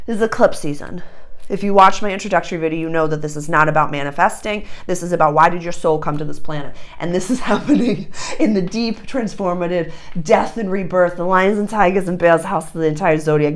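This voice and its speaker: A woman giving a casual astrology reading to camera, talking effusively in bursts full of "like", laughing often and jumping up into high excited tones. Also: a little fast.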